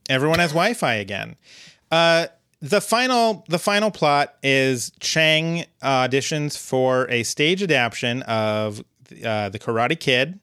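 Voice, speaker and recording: Bright, smooth-voiced man recapping an episode. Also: mid-range voice, measured pace, no room sound. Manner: relaxed, many ums and uhs, dry humor. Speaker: podcast co-host.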